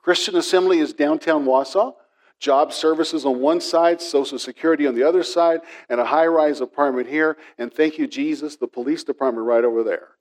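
A middle-aged pastor with a slightly high, brisk voice preaches a sermon built around a personal story. He tells it in an animated way, acting out the voices of the people in it.

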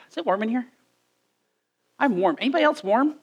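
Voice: medium pitch, lively intonation, moderate pace, husky, lo-fi sound. A preacher giving a conversational sermon indoors, joking with the congregation between passages.

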